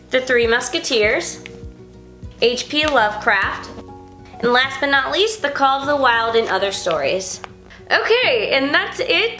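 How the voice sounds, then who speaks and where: Young woman gushing over her book haul, crisp bright voice, roomy echo, soft music behind. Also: high-pitched. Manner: enthusiastic, gushing. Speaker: book vlogger. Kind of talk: casual vlog book haul. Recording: echoey room with music.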